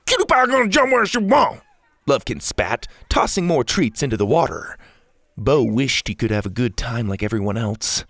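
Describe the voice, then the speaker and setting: A man narrating a kids' adventure story in an expressive, animated storytelling manner. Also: medium pitch, creaky, no echo, clean studio sound.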